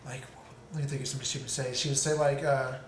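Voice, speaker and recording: A man's voice: mid-range voice, level tone, fast. A young man from Oklahoma, hosting a casual podcast chat, rambling with many restarts. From Oklahoma, USA. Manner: rambling, lots of restarts and likes. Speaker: podcast host. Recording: echoey room, mic at a distance, faint noise.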